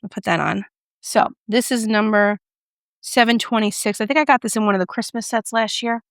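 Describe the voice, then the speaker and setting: Chatty woman with a gravelly, dry voice. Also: on the high side, fairly even intonation, fairly quick, dry recording. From United States. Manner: chatty, self-deprecating, joking about her pronunciation. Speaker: beauty vlogger. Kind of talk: casual product review.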